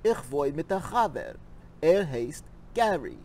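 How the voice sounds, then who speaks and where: Slow, careful man reciting practice lines. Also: on the high side, big pitch swings, a little mellow. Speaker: student.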